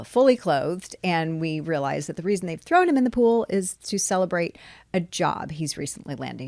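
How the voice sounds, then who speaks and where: A woman's voice: medium pitch, no room sound, clean studio sound. A woman co-hosting a casual TV recap podcast, chatting and running through episode details with easy fillers. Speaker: podcast co-host.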